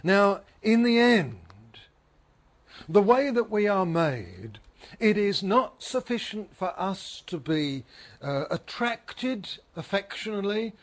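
A man's voice: sits high, sing-song, takes it slowly. A man preaching a sermon. He is earnest, repeats phrases for emphasis and asks his listeners questions.

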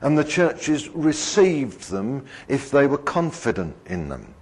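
Slow husky-voiced man preaching. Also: medium pitch, very animated, darkish tone. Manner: conversational, digressive, asks the congregation questions. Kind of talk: sermon.

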